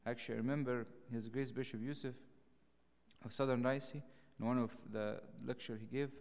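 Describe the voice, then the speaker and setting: A clergyman leads a Bible study in a lively, animated way, raising his voice to act out the dialogue. His voice is at an ordinary male pitch, ringing with the long reverb of a large hall.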